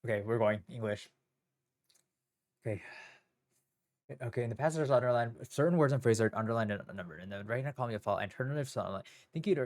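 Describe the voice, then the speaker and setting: A young man streams live in a loose, casual way, rambling and nervously poking fun at himself. His voice sits at an ordinary middle pitch. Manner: nervous, rambling, self-mocking.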